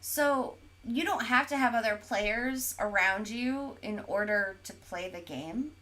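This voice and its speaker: A woman's voice: a little high, slow, bright, forceful tone. A woman co-hosting a casual gaming podcast, chatting and reading viewer comments aloud with lots of fillers. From Oklahoma, USA. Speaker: podcast co-host. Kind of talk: casual chat while streaming.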